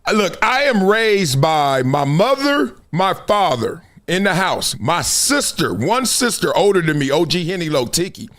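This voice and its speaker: Animated high-voiced man talking sports. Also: measured pace, few pauses. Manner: emphatic, slangy, storytelling. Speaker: sports talk show host. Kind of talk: animated sports commentary chat.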